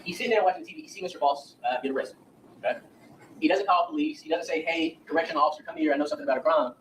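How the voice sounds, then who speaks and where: A defense attorney delivers an opening statement to a jury, addressing the jurors directly and acting out witness quotes. His voice is a little high, very animated, fairly bright, and rapid-fire, recorded far from the mic in a rough recording with slight background noise.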